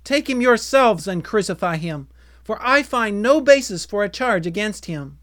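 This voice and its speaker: A man's voice: sits high, expressive, moderate pace, a bit bright, dry recording, clean studio sound, pitched above the performer's own voice. A man voicing an uneasy Roman governor in a dramatized scripture reading, in a raised, pleading tone.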